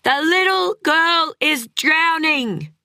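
A woman voicing a grumpy older male widower in an audiobook, gruff and low when calm and yelling when panicked. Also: a little slow, dry recording, clean studio sound, far from the mic.

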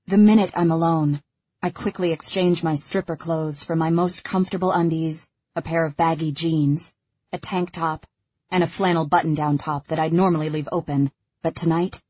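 Husky woman reading an audiobook. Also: deep voice, steady tone, normal speed, a little mellow, no room sound, lo-fi sound. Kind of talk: first-person audiobook narration.

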